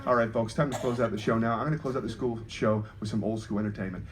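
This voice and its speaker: A man doing a fast, jokey stand-up comedy routine and bantering with the audience. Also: lowish voice, fairly even intonation. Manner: quick, jokey, banters with the crowd. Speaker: comedian host. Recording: live show with loud crowd noise. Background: loud crowd laughing.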